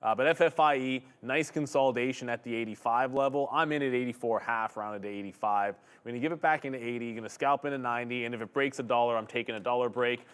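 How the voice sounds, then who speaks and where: A man in mid-range pitch talks through his trading plan on a live stream. He walks through levels and orders in a relaxed, offhand way. He sometimes corrects himself and laughs at his own slips. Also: fast, few pauses, clean tone. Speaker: stock trading stream co-host.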